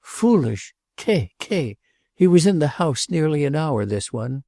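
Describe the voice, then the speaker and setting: A man's voice: on the high side, very animated, a little slow, a little mellow, no echo, clean studio sound, voice pushed up, heavily acted. A man voicing an agitated, jealous nobleman who pleads and repeats himself, in an audiobook.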